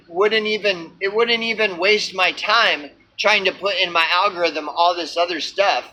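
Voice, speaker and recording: A man's voice: sits high, sharp tone, poor audio. A man ranting into his camera for his small channel, unscripted and profane, full of fillers, restarts and repeated words. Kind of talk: rambling unscripted rant to camera.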